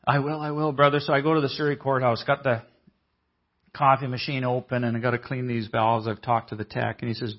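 A man telling a story in a conference sermon, acting out the people he quotes in a lively way. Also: medium pitch, a little fast. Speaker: conference speaker. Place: church hall. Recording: dull, muffled audio.

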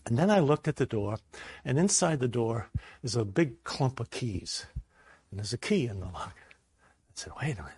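A man preaching a sermon, telling a personal story in a lively way and acting out the voices in it. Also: medium pitch, moderate pace, pauses often, husky, no room sound. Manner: animated storyteller, acts out voices.

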